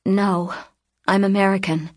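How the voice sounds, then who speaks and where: A woman voicing a tall teenage American girl who is quick to tears, breathless and pleading. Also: medium pitch, steady tone, natural voice. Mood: earnest.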